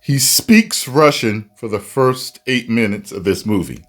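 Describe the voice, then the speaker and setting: A man reviewing a movie in a casual video rant, animated and breaking into loud exasperated outbursts. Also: mid-range voice, measured pace, soft background music.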